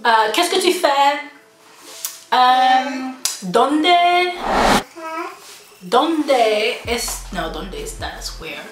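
A woman's voice: high voice, sing-song, very slow, long pauses, background noise. A woman vlogger from the United States, talking casually in a playful, self-mocking way and laughing often as she practices phrases aloud. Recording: roomy room with background music.

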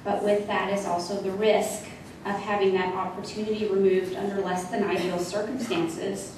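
A woman, a retiring school board trustee, reading her measured farewell speech from notes. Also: medium pitch, level tone. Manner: measured, reading prepared remarks. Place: school board meeting room. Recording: echoey hall, mic from far off, noisy.

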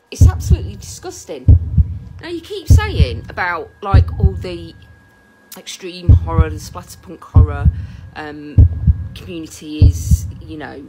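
An angry woman rants straight to camera, her voice rising and falling widely as she swears. The clip has loud background noise and a low hum under her voice. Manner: furious, swearing, animated.

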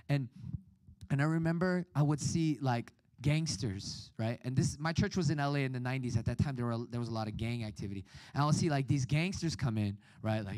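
Animated man preaching over a call. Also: on the high side, a little fast, no room sound. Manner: animated storytelling, acts out quoted voices. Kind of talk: sermon over video call. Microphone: video call.

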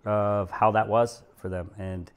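A man working as a real estate agent, talking straight to his viewers in a vlog, excited and emotional. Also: fairly low pitch, a little slow, smooth. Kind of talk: vlog narration to camera. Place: condo overlooking the ocean.

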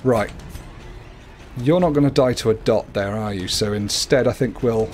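Soft music sits behind a man's slightly mellow voice as he comments on his livestreamed game at a moderate pace. The gaming streamer is chatty and playful and often slips into a high cooing tone for his cat.

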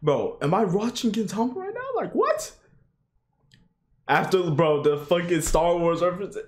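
A young man reacting to an anime episode in casual commentary, swearing a lot, shouting "yo" and "bro" and bursting into high laughing yelps. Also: fairly quick. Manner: excitable, swearing, frequent "yo" and "bro" exclamations.

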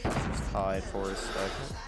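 A man's voice: sits low, unhurried. A man giving casual gameplay commentary, exasperated and trash-talking. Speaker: gamer commenting on his own play. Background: loud game music and gunfire.

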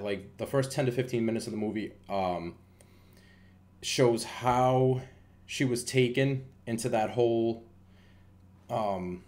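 A man's voice: lowish voice, darkish tone. A man giving a casual, rambling movie review, with lots of fillers and restarts.

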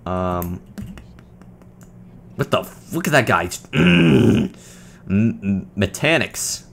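A young man giving casual, joking commentary over a video game, trash-talking and breaking into loud shouts. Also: low voice, expressive, very slow, slight background noise. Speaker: gaming commentator.

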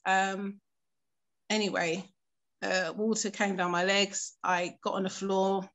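A woman telling a painful personal story in a documentary interview, earnest and composed, pausing often with fillers. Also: mid-range voice, flat delivery, a bit bright. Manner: earnest, halting storytelling with frequent pauses and fillers; keeps her composure while recounting something painful.

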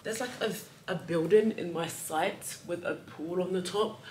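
A young woman vlogging her travels chats to camera at a measured pace, her lowish voice somewhat dark, as she gets ready in a hotel room and makes self-deprecating jokes. The low-quality recording is reverberant and distant, with slight background noise.

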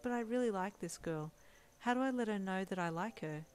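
A woman voicing a cheerful, bashful young male hero who talks softly and eagerly, in a storybook reading. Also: mid-range voice, expressive, brisk, clean tone, lightly acted. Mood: affectionate. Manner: soft, eager and sweet.

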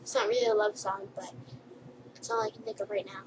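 A woman's voice: mid-range voice, level tone, a little fast, slight background noise, low-quality recording. A young woman vlogger rambling playfully and giggling through a silly list. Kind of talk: silly comedic list vlog.

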